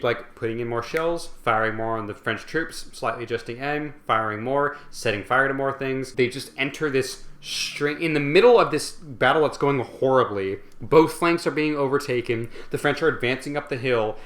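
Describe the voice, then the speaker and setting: A tipsy man rambles through a comedic book summary, swearing freely and tripping over fillers. His voice is bright and forward. A roomy echo hangs on every line. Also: medium pitch. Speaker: host.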